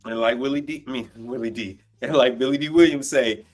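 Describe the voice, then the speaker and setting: A man's voice: medium pitch, brisk, a little mellow, soft background music. A man hosting a livestream, ranting bluntly and swearing in casual talk. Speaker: livestream host. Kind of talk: casual profane rant.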